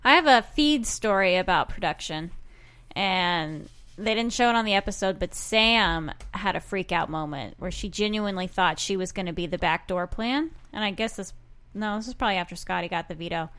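Woman cohost on a recap podcast, smooth clear voice, talks it through calmly. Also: mid-range voice, normal speed. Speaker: podcast co-host. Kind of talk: casual recap chat.

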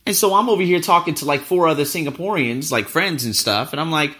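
A man's voice: on the high side, lively intonation, fast, sharp tone. A man hosting a podcast, telling a travel story in a casual, profane, ranting way. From United States. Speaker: podcast host.

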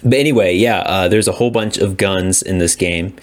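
A man co-hosting a casual video game podcast, relaxed and rambling, laughing often. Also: deep voice, a little fast. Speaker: podcast co-host. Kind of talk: casual gaming chat.

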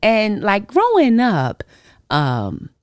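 A woman hosting a podcast and sharing a personal faith testimony in casual, colloquial speech, animated as she acts out her own reactions. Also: medium pitch, very slow, no echo, studio quality. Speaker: podcast host.

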